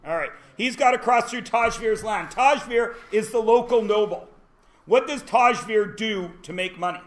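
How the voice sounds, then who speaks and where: A man's voice: sits high, normal speed. A man teaching a classroom lesson, joking and quizzing his students as he goes. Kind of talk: classroom lecture.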